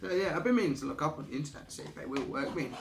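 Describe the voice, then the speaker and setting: A man's voice: fairly high pitch, expressive, racing, gravelly, noisy background. A man chatting casually about retro games, easygoing and hesitant. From England. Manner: easygoing, hesitant, laughs often. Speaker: co-host. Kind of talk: casual chat. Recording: echoey room, faint music behind.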